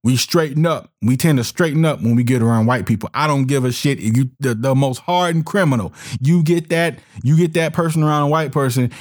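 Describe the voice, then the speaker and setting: Heated man ranting in a higher voice. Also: a little mellow. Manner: heated, emphatic, repeats and restarts words; slips into sneering mock voices. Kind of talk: ranting monologue commentary.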